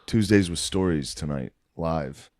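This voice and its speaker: A man's voice: very deep voice, unhurried, no room sound, studio quality. A man in his thirties co-hosting a podcast in casual banter, animatedly telling stories and acting out the voices of the people he quotes. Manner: animated storyteller, acts out quotes. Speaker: podcast co-host.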